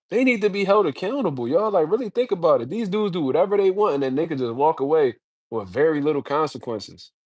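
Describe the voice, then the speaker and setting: A man's voice: a little high, a little mellow, no echo, studio quality. Blunt, slangy man ranting. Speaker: boxing commentator. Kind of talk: casual profane solo commentary.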